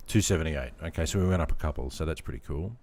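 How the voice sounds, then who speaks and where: A man streaming a game live, chatting with viewers, laughing often and reacting out loud. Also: rumbling low, quick pace. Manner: laughs often, chats to viewers while playing. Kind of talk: casual live-stream chat. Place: home room.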